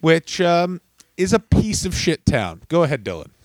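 A man co-hosts a comedy podcast, talking fast and loose with plenty of profanity and sudden mocking impressions. His voice sits a little high, and the sound is close and dry with no room echo. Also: very animated. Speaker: podcast co-host. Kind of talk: casual comedic chat.

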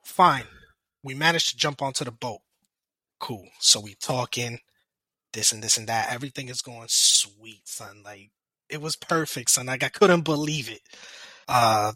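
A man, a podcast guest telling a story in a slangy, animated way and laughing often. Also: medium pitch, unhurried, dry recording. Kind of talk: casual storytelling.

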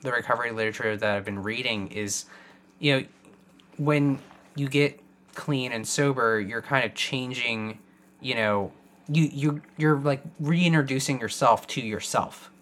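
A man's voice: medium pitch, a little slow, a bit bright. A man interviewing a guest, asking long, hesitant follow-up questions full of fillers. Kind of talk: conversational interview.

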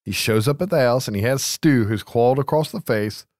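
A podcast host with a mid-range voice chats casually and animatedly about movies at a moderate pace, swearing freely and laughing often. The recording is dry and studio quality.

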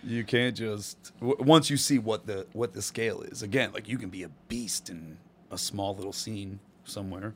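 A man's voice: fairly low pitch, normal speed. A man, a stand-up comedian telling stories in a casual podcast chat, laid-back and full of slang, laughing often. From Rhode Island.

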